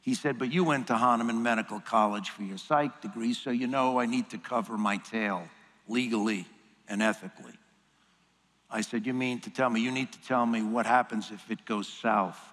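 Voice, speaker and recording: A man's voice: mid-range voice, moderate pace, fairly bright tone. A man speaking at a workshop, telling a family story with self-deprecating humor and acting out the dialogue. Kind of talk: storytelling talk. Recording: long hall reverb.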